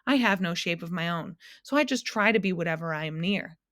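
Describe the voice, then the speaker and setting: Brief: cowardly blob of a giant who bellows and then hedges every word, low and dry, read by a woman. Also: lively intonation, a little fast, fairly bright tone, no room sound. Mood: fretful. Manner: hedging, roaring then fretful. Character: nervous shapeless cowardly male giant.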